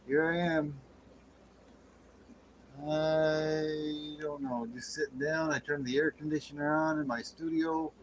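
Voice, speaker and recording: A man hosting a late-night livestream chat in a folksy way, greeting viewers with loud whoops. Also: fairly high pitch, steady tone, slow pace, long pauses, poor audio. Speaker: livestream host. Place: home studio with air conditioner running. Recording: faint air conditioner hum.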